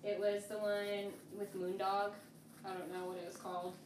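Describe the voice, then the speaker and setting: A woman's voice: medium pitch, flat delivery, moderate pace, darkish tone, distant mic. A woman guest on a podcast, chatting casually and filling her talk with "like.". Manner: chatty, constant "like" fillers. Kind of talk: casual conversation. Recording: roomy and off-mic with noise.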